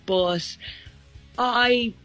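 A woman's voice: fairly high pitch, extremely slow, fairly bright tone, soft background music. A woman giving emphatic, opinionated views as a sports panelist. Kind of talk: casual sports chat.

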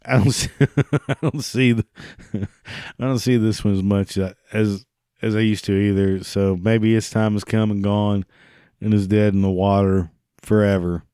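A man's voice: fairly low pitch, fairly even intonation, a little slow, mellow, clear, resonant tone, dry recording, studio quality. A man ranting in a sarcastic, mocking, profane monologue. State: prone to coughing fits.

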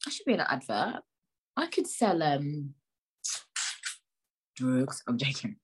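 A woman's voice: low-pitched, very animated, slow, breathy edge, poor audio. A woman hosting a solo podcast, rambling in a chatty, joking, self-mocking way. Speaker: podcast host.

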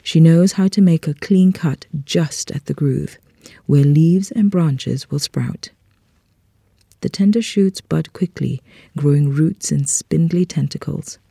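A reader telling a literary short story aloud in an unhurried, measured way. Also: mid-range voice, creaky, dark tone, breathy edge, no room sound, studio quality.

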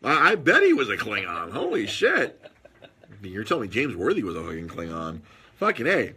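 A man telling stories in casual podcast chat, animated, with husky tone. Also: on the low side, moderate pace. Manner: animated storytelling with put-on quoted voices.

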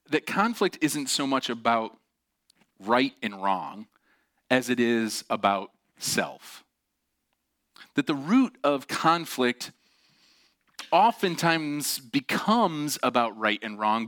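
A man's voice: mid-range voice, fairly bright tone, dry recording, studio quality. A pastor preaching a sermon, telling personal stories in a conversational way and driving his points home with emphatic repetition.

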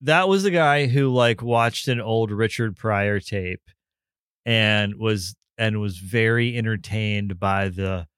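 A man co-hosting a podcast in casual chat, blunt and quick to swear. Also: on the low side, fairly bright tone, smooth, dry recording, studio quality. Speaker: podcast co-host.

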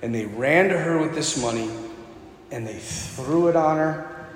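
A man's voice: a little high, a little slow, reverberant, in a large hall. A man giving a storytelling sermon to an audience, acting out the quotes as he goes. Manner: animated, acts out quotes. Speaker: speaker.

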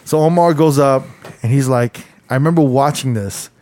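A man co-hosting a casual chat, swearing freely and telling stories with animated energy. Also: mid-range voice, normal speed, no echo, clean studio sound. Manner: profane, animated storytelling.

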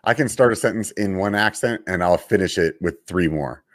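A man's voice: sits low, fairly quick, no echo, studio quality. A man co-hosting a casual chat show, laid-back and saying dude a lot. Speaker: podcast co-host.

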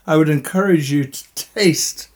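A man's voice: on the high side, measured pace. Breathless, emotional man in his seventies. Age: 70s. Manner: reflective, chuckling, choked up at times. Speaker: interviewee. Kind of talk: bedside podcast interview. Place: bedroom, recorded from bed. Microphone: microphone resting on the bedsheet.

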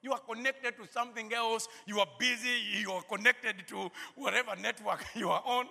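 A male preacher with a very high, husky, gravelly voice, sharp and forceful in tone. He fills his sermon with "you know" and laughs between phrases, building to shouted calls. The sound rings with the long reverb of a church hall. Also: fairly even intonation, normal speed. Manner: rises to shouting calls at peaks.

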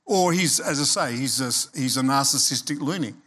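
A man's voice: medium pitch, moderate pace, a bit bright. A man in his sixties preaching a sermon as pastor, talking conversationally, checking in with the congregation and slipping in humorous asides.

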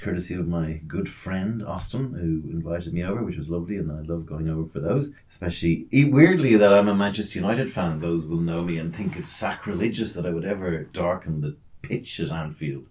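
Podcast co-host: a lower-voiced man, loose and jokey, wanders off topic and swears casually. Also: brisk, hardly any pauses, darkish tone. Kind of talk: casual banter over drinks.

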